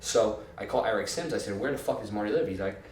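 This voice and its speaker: A man telling a long, profane, animated story in a casual interview, quoting people as he goes. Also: lowish voice, fast talker, distant mic, a little hiss or hum. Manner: profane, animated anecdote with quoted voices. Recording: roomy, off-mic with faint ambience.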